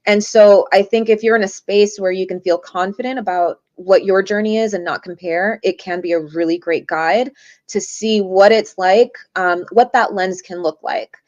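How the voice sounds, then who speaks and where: A woman speaks as a guest in an interview, telling her stories at a mid pitch. She brings the people in them to life by doing their voices. The audio is muffled and lo-fi, like a video call. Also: normal speed, dry recording. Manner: lively, acts out quoted voices. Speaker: guest, shaman and tarot reader. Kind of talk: interview storytelling. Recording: dull lo-fi audio.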